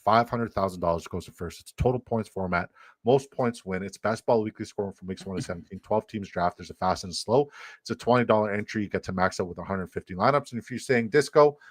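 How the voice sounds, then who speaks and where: A man's voice: fairly low pitch, fast talker, dry recording. A young adult man hosting a casual livestream with brash, profane, hype-man energy. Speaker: host.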